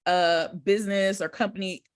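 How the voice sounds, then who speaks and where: A woman's voice: mid-range voice, fairly even intonation, moderate pace, clean tone, dry recording. A woman co-hosting a podcast in casual chat, laughing easily and explaining with context. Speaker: podcast co-host.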